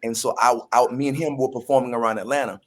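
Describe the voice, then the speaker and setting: A man tells a story at an easy, mid-pitched level. He jumps into the voices of the people he quotes and stumbles over restarts as he goes. The talk is a loose, chatty interview. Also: steady tone, fast talker. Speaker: guest actor.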